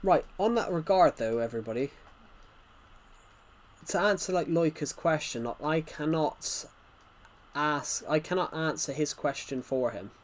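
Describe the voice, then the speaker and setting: Guy streaming a game, kinda high voice, rambly chatty, answering chat, stuffy-ish nose. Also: unhurried. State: nose bothered by hay fever. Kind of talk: live-stream gameplay commentary.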